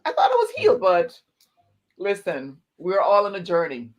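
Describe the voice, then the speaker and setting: A woman's voice: fairly low pitch, wildly swooping pitch, normal speed, muffled recording. A woman guest sharing a personal story earnestly and emotionally, repeating phrases for emphasis. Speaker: guest speaker. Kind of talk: personal testimony in interview.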